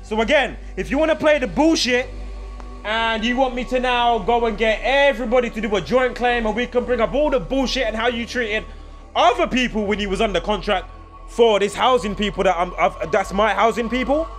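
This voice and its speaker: A man's voice: very high-pitched, brisk, faint music behind. A man, ranting angrily and profanely to camera in a vlog, heated and sarcastic. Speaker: vlogger. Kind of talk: angry ranting monologue to camera.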